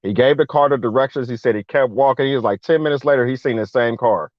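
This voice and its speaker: Here the guest veteran talks fast in a mid-range voice, relaying a long personal story in casual conversation. Slangy and animated, he imitates the people he quotes, and the dull lo-fi recording is dry, with no room sound.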